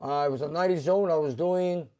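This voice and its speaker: A middle-aged man who owns a garage, hosting a live stream in a relaxed, halting way with many fillers as he reads out viewer comments. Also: on the high side.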